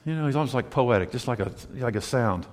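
A man's voice: mid-range voice, expressive, fast talker, long reverb tail. A man preaching a sermon, emphatic and full of rhetorical questions for his congregation. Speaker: pastor.

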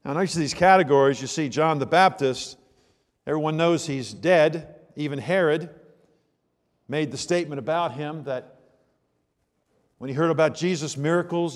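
Chatty pastor preaching in a reverberant hall. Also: male voice, on the high side. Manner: conversational, jokey storytelling with asides. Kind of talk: sermon.

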